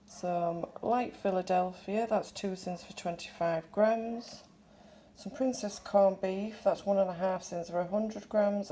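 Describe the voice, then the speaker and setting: A woman's voice: on the low side, warm tone, a little hiss or hum, poor audio. An older woman vlogging, chatting casually as she lists her shopping item by item. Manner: chatty, listing items one by one. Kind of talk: casual shopping haul narration.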